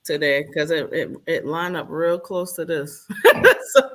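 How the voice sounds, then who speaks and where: Female co-host with a bright, forceful tone, probing and quick to laugh in casual chat. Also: low voice, steady tone. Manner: probing, laughs between points.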